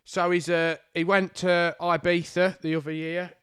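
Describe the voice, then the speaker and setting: A man, a tattoo artist co-hosting a podcast, speaking casually and haltingly with many fillers while he chimes in. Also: sits high, level tone, a bit bright, smooth. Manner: hesitant, many fillers and restarts, chiming in. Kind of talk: casual banter.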